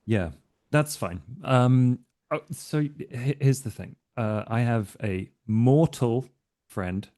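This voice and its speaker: A man playing his character in a live tabletop role-play, talking in an easygoing, halting way full of fillers. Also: mid-range voice, warm tone.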